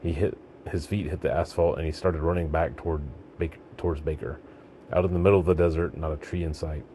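Man, extremely low voice, dark tone, gritty deadpan storytelling, faint background hiss. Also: brisk. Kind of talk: audiobook narration.

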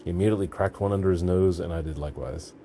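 Very deep, dark-voiced male narrator. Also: racing, slight background noise. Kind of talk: audiobook narration.

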